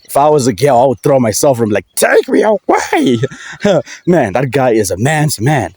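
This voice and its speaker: A man's voice: medium pitch, lively intonation, brisk, mellow, slightly rough, no echo. A young man from Africa ranting casually about wrestling, rambling, swearing and laughing often. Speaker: wrestling commentator vlogger. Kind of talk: casual solo rant.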